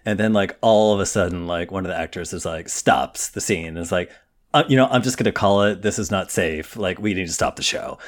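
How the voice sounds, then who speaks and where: A man's voice: low voice, a little fast. A man co-hosting a podcast, chatting casually and telling a story full of "like" fillers. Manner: giggly, animated storyteller with many "like" fillers. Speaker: podcast co-host. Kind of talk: casual chat.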